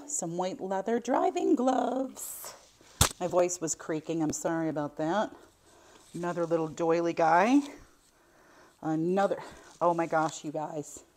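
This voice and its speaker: A middle-aged woman talks through an unboxing in a casual vlog, her voice sitting a little low. She gushes and exclaims often, chatty and warm toward her viewers. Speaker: vintage reseller unboxing finds.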